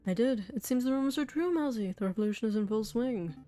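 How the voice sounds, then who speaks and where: Brief: sly fox lawyer, smooth and wheedling, mellow tone, faint music behind, played by a woman. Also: fairly high pitch, animated, fast, lightly acted. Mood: scheming. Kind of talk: game voice acting.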